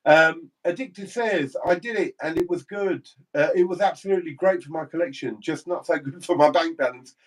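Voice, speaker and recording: An English man co-hosts a casual livestream, reading viewer comments aloud and laughing easily. His voice sits on the high side, and he talks a little fast with hardly any pauses. The recording quality is low.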